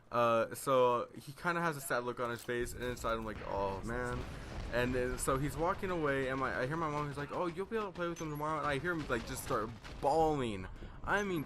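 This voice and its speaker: A man's voice: mid-range voice, noisy background. A teenage boy telling a rambling story in casual chat over gameplay, full of fillers and self-deprecation. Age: teens. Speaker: gaming vlogger.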